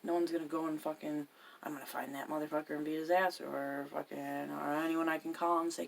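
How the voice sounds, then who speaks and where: A woman's voice: sits low, level tone, brisk, creaky, slight background noise. A woman hosting a podcast, telling a personal story in a profane, emphatic way. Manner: profane, emphatic, swears constantly. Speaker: podcast host.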